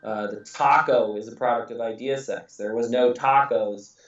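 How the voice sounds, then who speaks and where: A man's voice: medium pitch, steady tone, normal speed, faint music behind. A man who grew up in England, hosting a casual podcast conversation, talking in a rambling way with many fillers, restarts and frequent laughs. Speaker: podcast host. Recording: echoey room, distant mic, dull audio.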